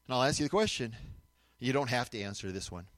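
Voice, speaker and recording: A man preaching a sermon, emphatic, moving between loud declarations and quiet asides and asking the audience to answer back. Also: mid-range voice, animated, quick pace, dry recording. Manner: asks the audience questions and has them repeat after him.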